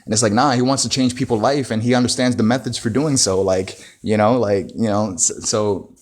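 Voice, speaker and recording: A man's voice: lowish voice, steady tone, fairly quick. A man giving a casual, reflective monologue, full of "you know" and "bro" and frequent restarts. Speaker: motivational talker.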